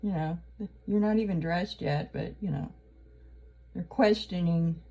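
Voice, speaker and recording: A middle-aged woman talks to her camera in a loose, joking monologue. Her voice sits a little low, and she chuckles at her own punchlines as she rambles. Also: unhurried, warm tone, dull audio. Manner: chatty, wry, laughs at her own jokes. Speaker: channel host. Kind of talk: casual comedic monologue.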